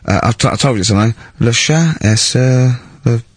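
A man's voice: mid-range voice, normal speed, breathy edge, no echo. A middle-aged man hosting a casual chat, telling stories and acting out the people in them. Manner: animated storyteller, acts out shouting characters. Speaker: podcast host.

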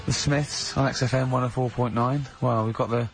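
A man's voice: medium pitch, fairly even intonation, moderate pace, vocal fry, soft background music. A man hosting a radio show, joking around in casual banter with a giggly, jokey way of talking.

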